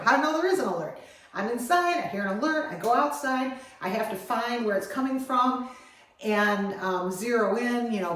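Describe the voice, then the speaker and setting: Woman vlogger, a bit high-voiced, animated storyteller, recorded far from the mic in a very echoey space. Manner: expressive, swings from loud excitement to hushed calm.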